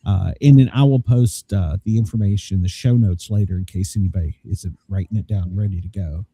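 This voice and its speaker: Easygoing podcast host guy, dark husky voice, lots of ums. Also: low voice, a little fast, dry recording. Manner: easygoing, many fillers. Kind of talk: casual podcast chat.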